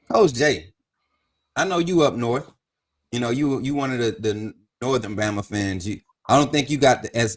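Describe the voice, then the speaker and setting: A man hosting a casual sports talk livestream, chatty and energetic as he hypes the audience. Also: on the low side. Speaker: show host.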